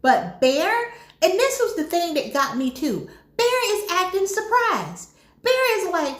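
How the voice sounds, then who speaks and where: A high-voiced woman chats about a movie and retells the plot with animated flair, turning to her viewers as she goes. Her voice bounces around a roomy, echoing space. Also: a little slow. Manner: animated storytelling, talks straight to viewers. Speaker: movie reviewer. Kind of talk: casual chat.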